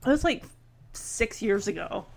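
A woman chatting casually as she recaps a sitcom, animated and acting out the characters' lines. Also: medium pitch, a little slow, gravelly. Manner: chatty, animated, acts out quotes. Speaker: show recapper. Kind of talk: casual chat.

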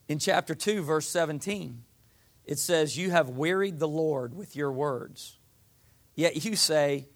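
A man preaching in a relaxed, homespun way, mixing scripture reading with plain talk and little voiced asides. His voice is gravelly and sits a bit high for a man. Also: a little slow. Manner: folksy, uses voiced asides for the people. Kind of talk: sermon.

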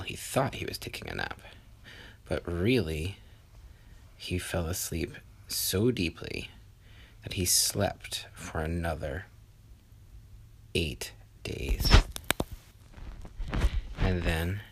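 A man telling a bedtime story in a soft, often half-whispered voice. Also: low voice, breathy edge.

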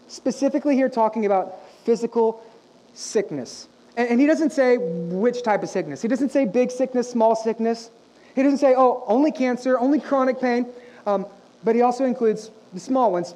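A young adult man, a pastor, preaching a sermon in a lively, conversational way, asking the congregation questions. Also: very high-pitched, rough recording.

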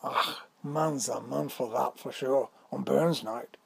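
A man putting on a slow, hearty Scottish restaurateur. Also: medium pitch, creaky, crowd noise. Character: jolly Scottish male restaurant owner.

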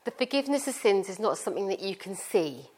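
Speaking fast with big swings in pitch, a middle-aged British woman preaches in a chatty, informal style, using homely family stories as examples. Her voice is mid-range and a little mellow.

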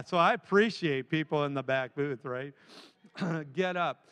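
A man's voice: a little high, moderate pace, a bit bright, smooth. A man preaching as a guest speaker, urging the listeners with emphatic, repeated phrases. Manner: repetitive, emphatic exhortation. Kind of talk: sermon. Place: large church sanctuary. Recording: long hall reverb.

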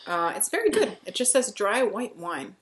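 A woman's voice: medium pitch, very animated, moderate pace. Young woman, casual podcast chat, gushing, chatty. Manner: gushing, chatty, many likes and ums. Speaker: podcast co-host.

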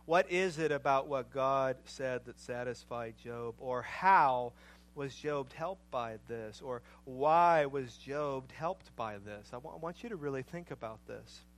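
A middle-aged man preaching a sermon, emphatic, repeating phrases, swelling to loud passionate peaks and then dropping low. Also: unhurried, low-quality recording.

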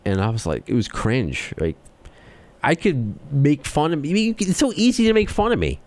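A man with a New York accent hosting a podcast, talking fast and excitably as he rants. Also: fairly high pitch. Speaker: podcast host. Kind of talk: casual chat.

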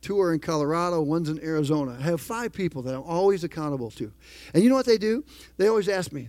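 A man's voice: fairly high pitch, expressive, fast talker, darkish tone, no echo. A middle-aged man preaching a sermon as pastor, emphatic and calling out to the congregation for responses.

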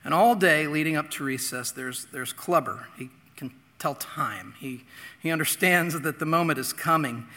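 Middle-aged man, pastor, earnest sermon storytelling, very bright tense voice, long hall reverb. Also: on the high side. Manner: earnest storyteller, dramatic pauses and repetitions.

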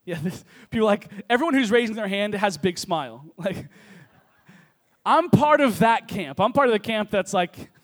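A man preaching a lively sermon to a congregation, telling funny stories. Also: high voice, moderate pace. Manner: energetic, joking storyteller. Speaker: pastor. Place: church service with congregation.

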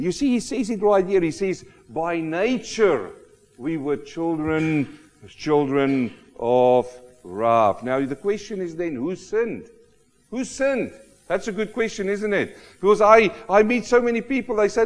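A man preaching a sermon, emphatic and animated, often asking rhetorical questions of the congregation. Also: a little high, measured pace. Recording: long hall reverb.

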